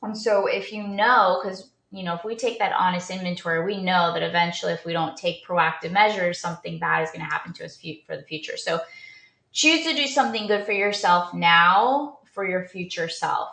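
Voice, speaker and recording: A woman's voice: on the low side, a little fast, creaky, a bit bright, echoey room. A woman performance coach giving an earnest motivational talk, telling a personal story with many restarts and fillers.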